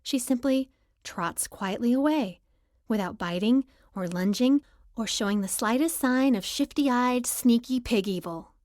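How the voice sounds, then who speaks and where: A woman reading a first-person romance novel aloud as audiobook narrator, in a lively, expressive style. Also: on the high side, measured pace, no echo, studio quality.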